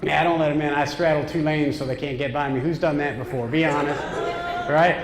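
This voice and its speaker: On a club stage, a man from upstate New York performs stand-up with a brash, punchy delivery and asides to the crowd, his high-leaning voice fairly even in intonation and a little fast. Audience laughter fills the echoey, noisy room.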